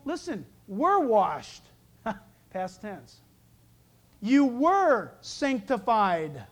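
Lively joking preacher man. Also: very high voice. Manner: lively, joking preacher who acts out voices. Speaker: pastor. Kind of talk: sermon.

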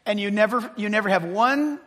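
Male preacher, high voice, dramatic swings from loud to hushed, in a big reverberant church. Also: a little fast. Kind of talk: sermon. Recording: long reverb of a large hall.

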